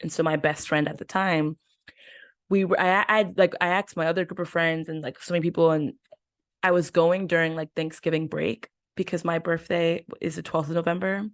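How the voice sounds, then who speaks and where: A woman in her twenties hosting a podcast, telling a story in a chatty, animated way with lots of fillers. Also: fairly low pitch, normal speed, no room sound, clean studio sound. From United States. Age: 20s. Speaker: podcast host. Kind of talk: casual chat.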